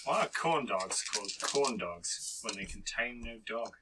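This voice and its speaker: A man's voice: on the low side, lively intonation, a little slow. A British man playing a tabletop game, making joking, playful asides. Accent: British English. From Britain. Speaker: player. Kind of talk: casual tabletop game chat. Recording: loud background noise.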